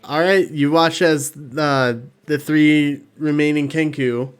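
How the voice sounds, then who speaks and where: A man's voice: a little high, fairly even intonation, slow pace, clear, resonant tone, soft background music. A laid-back man narrating a tabletop game as game master, laughing easily.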